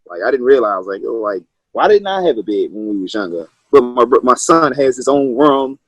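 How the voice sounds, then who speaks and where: A man's voice: mid-range voice, animated, fairly quick, fairly bright tone, no room sound, faint music behind, rough recording. A man in his thirties, a wrestling coach from Maryland, talking loosely with restarts in a casual interview. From Maryland, USA. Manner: loose, rambling storytelling with many restarts. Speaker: high school wrestling coach, guest.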